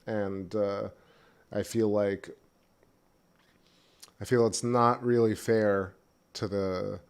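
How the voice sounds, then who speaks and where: A man's voice: lowish voice, creaky. A man hosting a casual livestream, rambling and chatty, talking while eating. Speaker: livestream host. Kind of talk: casual live-stream chat. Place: back porch at home, outdoors.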